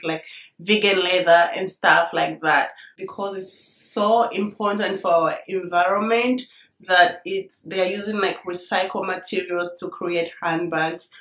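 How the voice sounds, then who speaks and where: Bubbly, slightly hoarse woman vlogger. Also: fairly low pitch, reverberant. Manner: bubbly, excited, says "you guys" often. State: hoarse from a cold. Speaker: vlogger reviewing a handbag. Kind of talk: casual chatty unboxing vlog.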